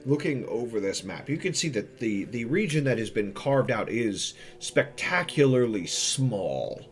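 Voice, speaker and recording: A man narrating a tabletop game as game master, in a measured, descriptive way. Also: mid-range voice, expressive.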